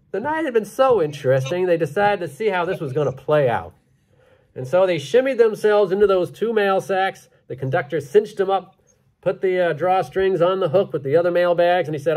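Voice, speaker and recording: A man telling a story live on stage, animated and playful with dramatic pauses. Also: fairly high pitch.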